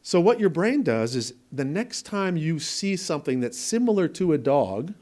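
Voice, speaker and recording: A man lecturing to an audience with a slightly higher voice than most men. He explains things conversationally through everyday examples and small asides. He repeats key words for emphasis. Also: big pitch swings, moderate pace, a little mellow. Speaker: presenter at a training event. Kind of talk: conference lecture. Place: presentation room with an audience.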